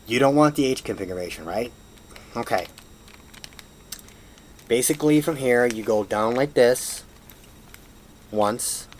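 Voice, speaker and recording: A man's voice: mid-range voice, unhurried, pauses often, darkish tone, a little hiss or hum. A man casually walking through a puzzle tutorial at home, self-deprecating and apologetic as he fumbles, recorded on a camera mic. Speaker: hobbyist showing a puzzle solve.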